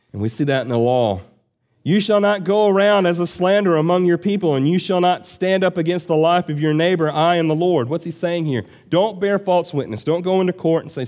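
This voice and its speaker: A man's voice: fairly high pitch, a little mellow. A man preaching a sermon, reading scripture aloud and explaining it in an earnest, emphatic way. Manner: earnest, emphatic teaching with rising and falling delivery.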